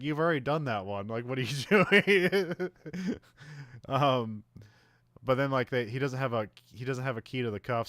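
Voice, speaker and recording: A male podcast host with a lowish, somewhat bright voice recaps a film casually and ramblingly, full of fillers and restarts, occasionally laughing at the plot. The recording is dry.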